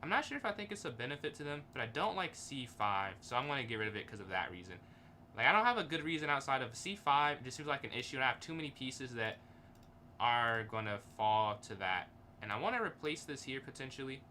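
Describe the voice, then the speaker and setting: A man's voice: mid-range voice, big pitch swings, fast, bright, forceful tone, slight background noise. A man streaming a chess game, thinking aloud in casual, hesitant commentary and chuckling often.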